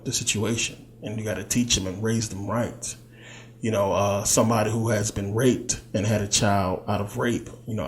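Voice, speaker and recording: Low-pitched guy talking loose about spirit stuff, lots of "you know". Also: slight background noise. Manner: loose, conversational, many fillers, slips into quoted voices. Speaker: spiritual teacher. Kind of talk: casual teaching talk.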